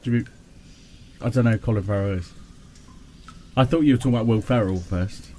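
Brief: fairly low male voice, fast easy replies, faint noise behind. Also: warm tone. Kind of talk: casual chat.

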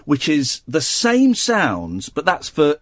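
Lively joking late-night radio host man. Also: on the high side, slow pace, no echo, clean studio sound. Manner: rambling, joking, laughs often. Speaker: radio talk show host. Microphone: studio microphone.

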